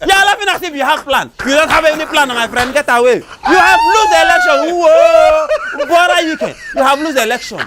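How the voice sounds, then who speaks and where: A man's voice: very high voice, wildly swooping pitch, brisk, hardly any pauses, very noisy, heavily acted. A man with a Nigerian accent playing a boastful politician in a comedy skit, taunting his rival with a stream of fillers. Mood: gloating. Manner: gloating, taunting, repeats fillers. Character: boastful mocking male election winner. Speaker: winning politician.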